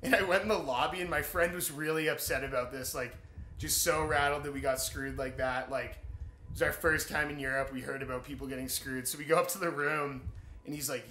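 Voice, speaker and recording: A young man tells a story in a bright, edgy voice, swearing freely and laughing as he goes. His voice carries a roomy echo, as if he is in a bare room. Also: fairly high pitch, brisk, slight background noise. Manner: animated, profane, laughing between beats. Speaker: interviewee. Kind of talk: casual storytelling.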